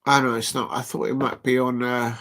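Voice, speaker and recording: A man's voice: mid-range voice, level tone, a little fast, noisy background. A tired man hosting a casual football watch-along stream, rambling with many fillers as he reads out quotes. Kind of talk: casual live-stream commentary.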